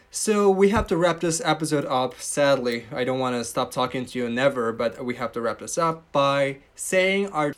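A man's voice: mid-range voice, slight background noise. A man hosting a podcast in casual chat, upbeat and playful, laughing often. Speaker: podcast host.

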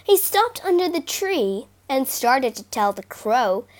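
Lively woman reading a children's fable. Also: high-pitched, takes it slowly. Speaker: storyteller. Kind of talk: children's storybook narration.

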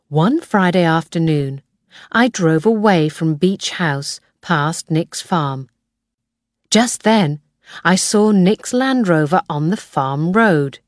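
Slow, low-voiced woman narrator. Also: no room sound, studio quality. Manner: slow, clear, measured reading. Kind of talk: scripted audiobook narration.

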